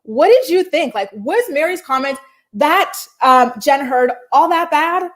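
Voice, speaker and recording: A woman hosting a relaxed video-call chat, her voice sitting high and bright. She talks in an upbeat, chatty way, filling her sentences with likes and ums. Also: a little slow. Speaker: host. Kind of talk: casual chat.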